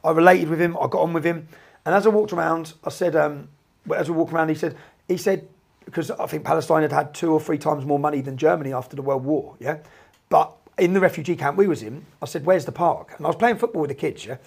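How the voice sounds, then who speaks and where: English guy talking real fast, gravelly husky voice, keeps going "yeah?". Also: a little high. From England. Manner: rapid, repeats "yeah?" to check in. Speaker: podcast guest. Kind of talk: animated storytelling in casual talk.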